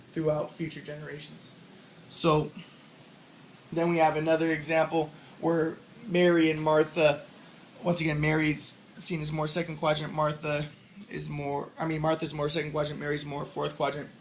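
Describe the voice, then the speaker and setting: Casual, high-voiced man thinking aloud. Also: a little hiss or hum. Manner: casual, thinking aloud while retelling a story. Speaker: self-published theorist explaining his model. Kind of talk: informal spoken lecture.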